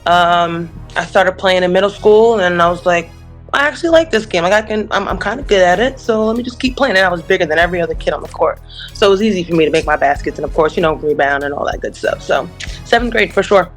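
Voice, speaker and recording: A woman's voice: fairly low pitch, quick pace, faint music behind. A young woman, a basketball coach from Long Island, chatting easily in an interview. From Long Island, New York. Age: young adult. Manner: chatty, relaxed, laughs easily. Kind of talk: casual interview.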